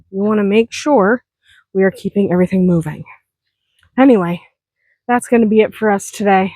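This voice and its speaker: A woman's voice: mid-range voice, a little mellow, no echo. A woman chatting casually in a farm vlog, self-deprecating and laughing often. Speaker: vlogger, hobby farm owner.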